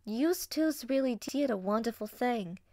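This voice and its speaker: A woman's voice: fairly high pitch, lively intonation, unhurried, a little mellow, no room sound, studio quality, voice pushed up. Woman doing a brash hyena with a Barks drawl. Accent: Barks borough drawl.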